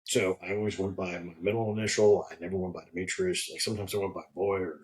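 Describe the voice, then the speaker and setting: A man, a distillery guest, telling a long, animated and profane anecdote in casual conversation. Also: low voice, fast, poor audio. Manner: animated, profane, frequent restarts. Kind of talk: casual storytelling.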